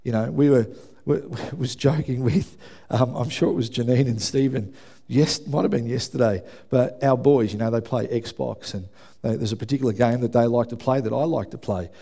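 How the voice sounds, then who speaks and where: A man preaching a sermon in a church, telling lively stories and acting out quotes with self-mocking asides. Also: medium pitch, normal speed, vocal fry. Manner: animated storytelling, acts out shouted quotes, self-deprecating asides. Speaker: pastor. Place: church hall with congregation.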